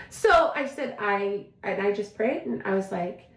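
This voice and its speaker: A woman co-hosting a relaxed chat show tells a long story. She is animated and talkative and keeps quoting what she said. Her voice sits at a middle pitch, and the room adds a clear echo. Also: slow, long pauses. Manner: animated, chatty, quotes herself often. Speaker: podcast co-host. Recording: roomy echo.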